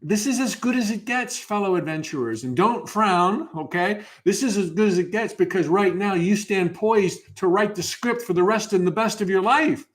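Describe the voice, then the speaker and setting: A man's voice: high voice, moderate pace, hardly any pauses. A man in his fifties hosting a live motivational workshop, upbeat and enthusiastic, often restarting his phrases. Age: 50s.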